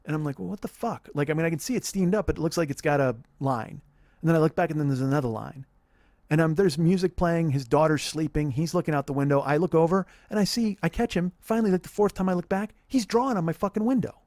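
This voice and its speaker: A man in his forties tells a story at a fast clip, swearing and building his rants. His voice sits a little high. The sound is dry and close. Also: no echo. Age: 40s. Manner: profane, animated storytelling. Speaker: comedian telling a story. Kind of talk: storytelling comedy podcast.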